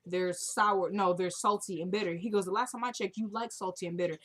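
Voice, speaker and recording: A woman's voice: mid-range voice, fairly even intonation, fairly quick. Chatty young woman recapping a TV episode. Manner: chatty, retells scenes quoting characters.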